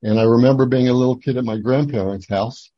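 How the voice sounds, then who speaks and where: An older man from New Jersey giving a personal testimony at a recovery meeting, rambling and halting with many fillers and restarts. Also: mid-range voice, fairly even intonation, no echo, lo-fi sound. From Atlantic City, New Jersey.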